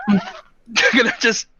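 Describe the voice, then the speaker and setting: Bright high-voiced male player. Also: huge pitch swings, extremely slow. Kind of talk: casual tabletop game play. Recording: dull, dry, lo-fi mic.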